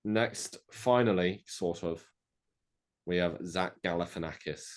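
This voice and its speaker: A man's voice: sits low, a little slow. A man co-hosting a casual podcast, dryly reading out and ranking lists of actors. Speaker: podcast co-host. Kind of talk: casual chat.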